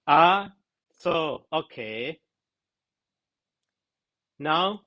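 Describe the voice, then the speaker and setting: Halting male Pali teacher. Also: fairly high pitch, bright, forceful tone, low-quality recording. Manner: halting, searches for words, many fillers. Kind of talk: explaining grammar in a class discussion.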